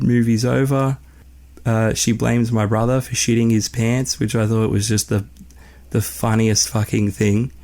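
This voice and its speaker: Gravelly young Australian man swearing freely. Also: fairly low pitch, a little mellow. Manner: profane, laid-back, rambling. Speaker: podcast host. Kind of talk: casual storytelling.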